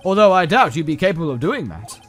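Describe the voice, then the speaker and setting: A snooty, wordy British CEO villain, loud and full of himself. A man acts him out with a raised, lively voice that swoops about, over faint music. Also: on the high side, quick pace. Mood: taunting. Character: pompous rich male CEO villain, arrogant. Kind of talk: game playthrough voice acting.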